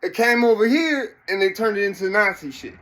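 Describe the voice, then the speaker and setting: High-voiced man, slurring casual rant. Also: brisk, background noise. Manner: slurred, loose speech, gets loud when worked up; profane and conversational, keeps asking if you follow. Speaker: vlogger.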